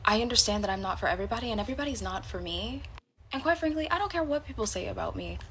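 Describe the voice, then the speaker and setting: A woman's voice: mid-range voice, animated, racing, creaky, a bit bright, a little hiss or hum. A woman telling a personal work story in a candid, blunt and profane way. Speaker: storyteller in a reacted-to clip. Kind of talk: casual storytelling to camera.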